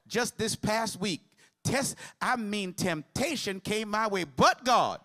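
A man voicing a middle-aged church woman who stands to testify loudly, shouting praise with call-and-response fervor. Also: sits high, slow pace. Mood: fervent.

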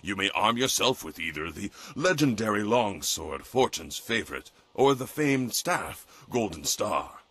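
Formal old weapon master. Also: male voice, fairly low pitch, very animated, fairly bright tone, slightly rough, no room sound, exaggerated voice. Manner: formal, measured storytelling. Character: stately older male weapon master, formal teacher.

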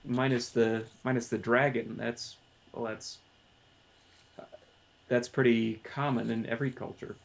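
A man's voice: mid-range voice, little pitch movement, unhurried, vocal fry, pauses often. A man co-hosting a casual film podcast, stammering and restarting his phrases as he makes his point. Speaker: podcast co-host.

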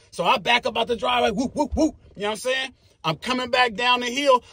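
Bay man in his thirties, very high husky voice, animated and profane storyteller who makes his own sound effects. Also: no room sound, clean studio sound. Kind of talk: casual storytelling.

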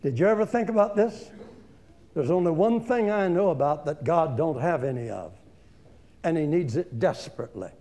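A man's voice: on the high side, lively intonation, normal speed, dark tone. A man in his seventies, an evangelist giving an informal seminar sermon in a folksy, emphatic, conversational way, talking straight to his listeners. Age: 70s. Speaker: evangelist preacher.

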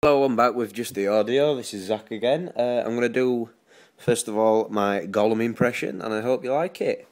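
A man's voice: medium pitch, normal speed, echoey room, soft background music, low-quality recording. A man with a Yorkshire accent chatting in a rambling, self-deprecating way as a vlogger. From Yorkshire, England. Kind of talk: casual chat.

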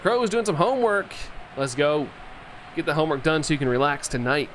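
A man's voice: fairly high pitch, big pitch swings, fairly quick, fairly bright tone, a little hiss or hum. A young man chatting casually as a game streamer, rambling with lots of fillers and often laughing. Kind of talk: casual chat while playing, reading chat.

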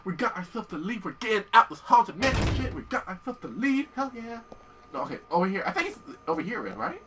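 A man casually commentating on a horror video game as he plays, excitable and swearing often. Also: high-pitched, a little fast, recorded from a distance, noisy background. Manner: excitable, profane, yells at the game. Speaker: gameplay commentator. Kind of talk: casual let's-play commentary.

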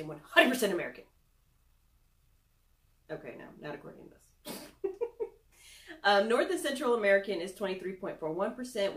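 A woman's voice: mid-range voice, a bit bright. Chatty young woman in a roomy space. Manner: chatty, self-deprecating, giggly asides. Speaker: product reviewer. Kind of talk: casual screen-recorded review.

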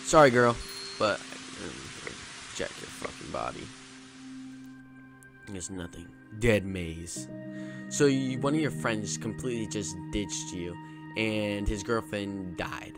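Casual, profane male gamer, low voice, music bed. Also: lively intonation, slow, long pauses. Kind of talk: let's play commentary.

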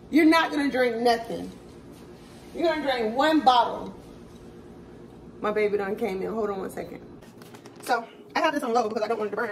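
A woman hosting a casual home cooking vlog, chatty and joking, laughing at her own jokes. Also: fairly high pitch. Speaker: cooking show host. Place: home kitchen. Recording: distant mic with steady background noise.

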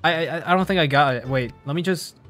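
A man's voice: on the high side, a little fast, fairly bright tone, soft background music. A man streaming a video game, laughing often and reading the game text aloud.

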